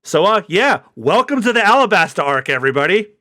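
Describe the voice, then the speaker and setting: A man co-hosting a podcast, chatting casually and thinking out loud as he reads. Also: high voice, sing-song, fairly quick. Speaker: podcast co-host. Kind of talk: casual manga readthrough chat.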